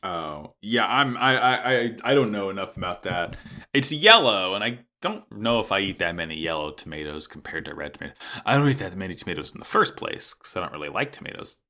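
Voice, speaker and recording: A man chats through an anime episode on a podcast, his bright voice leaping up and down in pitch. He slips into quick voices for the characters as he retells each scene, then drops straight back to plain chat. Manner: animated, acts out characters' lines while recapping. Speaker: podcast co-host.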